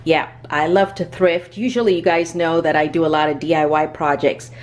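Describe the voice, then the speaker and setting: A travel vlogger with a low, steady voice talks at normal speed to her camera while tidying an apartment kitchen, picked up by a distant mic with clear background music underneath. She's chatty and rambling, sometimes just talking to herself as she cleans.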